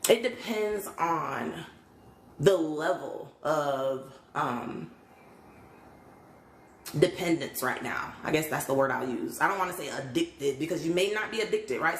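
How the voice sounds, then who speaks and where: A woman's voice: fairly low pitch, a little hiss or hum. A woman hosting a casual live stream on her phone, chatting openly, laughing often and greeting viewers. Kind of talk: casual livestream chat. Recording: roomy echo.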